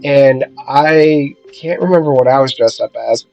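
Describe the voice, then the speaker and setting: A man co-hosting a gaming video, chatting casually and telling stories with lively acted-out quotes. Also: mid-range voice, unhurried, highs cut off, soft background music. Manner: lively storyteller, acts out quotes. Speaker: gaming channel co-host. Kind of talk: casual chat while playing a game.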